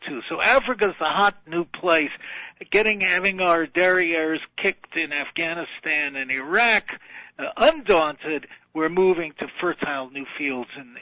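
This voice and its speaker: A man's voice: fairly high pitch, pushed and bright, dry recording. A man on a radio talk show, explaining foreign affairs in a wry, lecturing way with many fillers. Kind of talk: radio discussion. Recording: dull band-limited radio audio.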